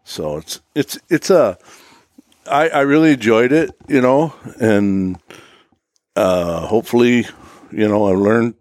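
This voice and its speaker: A man's voice: lowish voice, slow, darkish tone, dry recording, studio quality. A man, co-hosting a podcast and telling hunting stories in a folksy, drawling way. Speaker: podcast co-host. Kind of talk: casual chat.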